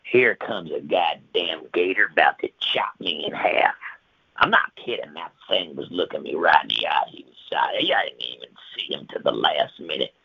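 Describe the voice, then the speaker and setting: A man telling a rambling, profane comic tall tale on the radio, swinging from loud outbursts to hushed whispers. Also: rumbling low, animated, moderate pace, creaky, breathy edge, muffled recording.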